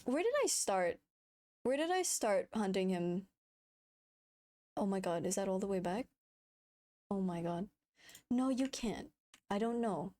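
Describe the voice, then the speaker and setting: A woman's voice: medium pitch, expressive, measured pace, long pauses, mellow. A woman streamer chatting casually and giggling at her own old footage, self-mocking and full of exclamations. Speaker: VTuber streamer.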